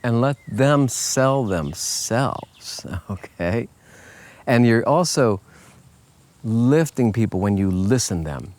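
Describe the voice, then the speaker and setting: A man's voice: slow pace, no room sound. Folksy man chatting casually to camera. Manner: relaxed, folksy, peppered with "okay?" and "you know"; acts out quoted voices in a higher pitch. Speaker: life coach. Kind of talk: casual motivational talk to camera.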